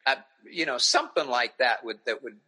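A man with a husky yet bright voice talks through his memories of acting a scene. He rambles easily in a relaxed chat. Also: mid-range voice, a little fast, poor audio. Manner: relaxed, rambling, easy recollection. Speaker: actor guest recalling his role. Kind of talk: casual interview chat.

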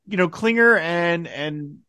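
A man's voice: on the high side, a little slow, clean tone, dry recording, studio quality. A man hosting a casual podcast, enthusiastically recapping a TV episode and acting out lines of dialogue. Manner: enthusiastic, quotes dialogue in animated bursts. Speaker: podcast host.

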